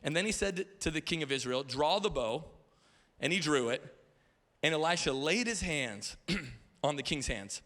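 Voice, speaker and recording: A pastor in his thirties, speaking at a moderate pace in a fairly high-pitched voice, gives a sermon in a church auditorium. He tells animated stories with playful asides and stammering repetitions.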